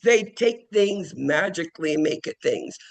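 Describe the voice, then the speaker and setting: A man giving a classroom lecture as a nursing professor, animated and playful, acting out children's play and cries as he teaches. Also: a little high, unhurried, vocal fry.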